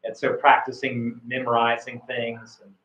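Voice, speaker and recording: A medium-pitched, slightly bright voice delivers its words in a monotone at normal speed. The man, an IELTS speaking examiner and coach, gives spoken-test feedback, commending the student's answers while repeating himself and restarting sentences, all in dull, roomy lo-fi audio.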